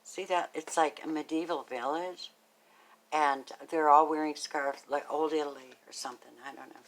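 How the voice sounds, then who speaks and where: A woman with a deep, low-set voice talks her viewers through a tarot spread in an easygoing, conversational way. She is warm toward her listeners, muses aloud over each card, and slips into hushed, breathy asides now and then. A faint background hiss sits under the recording. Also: steady tone, normal speed, low-quality recording. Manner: chatty and affectionate, thinks aloud, drops into soft half-whispered asides. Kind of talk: casual spoken tarot reading to camera.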